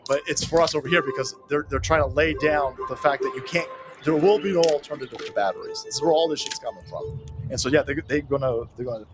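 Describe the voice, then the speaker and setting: A man's voice: medium pitch, fast. A man streaming a strategy game, ranting and swearing as he reads and answers chat, with game music playing behind him. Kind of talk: profane gaming stream commentary.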